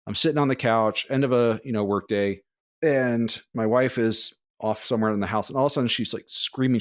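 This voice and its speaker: A man co-hosting a podcast, telling long, rambling personal stories in a casual, animated way. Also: mid-range voice, fairly quick, dry recording, clean studio sound. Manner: rambling, animated, acts out quoted voices. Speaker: podcast co-host. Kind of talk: casual storytelling.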